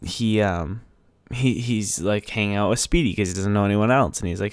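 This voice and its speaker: Young man, podcast host, casual rambling talk, smooth clear voice, dry close sound. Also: fairly low pitch, normal speed, no room sound. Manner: rambling, with many fillers and restarts, enthusiastic.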